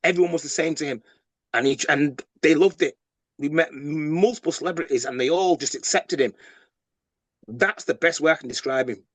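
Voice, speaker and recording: A man, a podcast guest, telling a story with animated delivery, quick repeats and acted-out quotes. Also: a little high, no echo. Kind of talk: storytelling interview.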